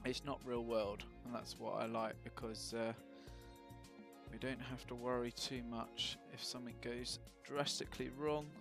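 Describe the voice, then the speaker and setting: A man's voice: medium pitch, level tone, moderate pace, creaky, music in the background. A man casually talking through his flight sim setup on a live stream, chatty and full of ums and self-mocking jokes.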